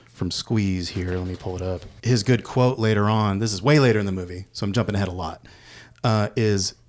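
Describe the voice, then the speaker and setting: A man's voice: fairly low pitch, brisk. A man co-hosting a podcast, chatting casually about films and acting out their lines in raised voices. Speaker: podcast co-host. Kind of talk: casual film discussion.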